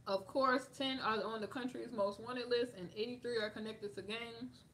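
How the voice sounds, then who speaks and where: A woman from the United States, reading news aloud and commenting on it in a sassy, animated way. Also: on the high side, normal speed, slight background noise. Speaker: vlogger reacting to news.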